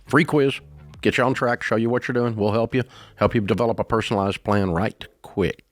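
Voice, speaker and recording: A man hosting a call-in advice show, yelling at callers in a blunt, exasperated rant from a radio studio. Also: fairly low pitch, fairly even intonation, fairly quick, soft background music. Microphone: studio microphone.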